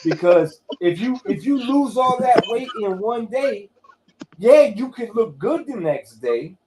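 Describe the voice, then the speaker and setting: A man hosting a casual boxing talk, animated and profane, telling stories with acted quotes. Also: very high-pitched, measured pace, background noise. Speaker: host.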